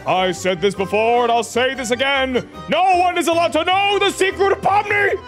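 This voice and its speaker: A man's voice: very high voice, moderate pace, fairly bright tone, faint music behind. A man voicing a showy, bossy digital circus ringmaster in a Minecraft role-play, speaking in a theatrical, proclaiming way.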